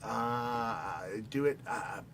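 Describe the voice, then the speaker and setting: A man's voice: mid-range voice, expressive, very slow, a bit bright, a little hiss or hum. A middle-aged man telling rambling anecdotes as a guest at an auction, with frequent fillers and restarts. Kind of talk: casual storytelling.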